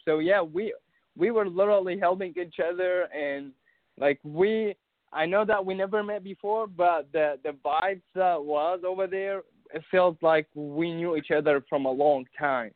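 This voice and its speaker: Halting man on a tinny line. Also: high-pitched, no echo. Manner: halting, many restarts and fillers. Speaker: guest recounting an event. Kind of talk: casual conversation.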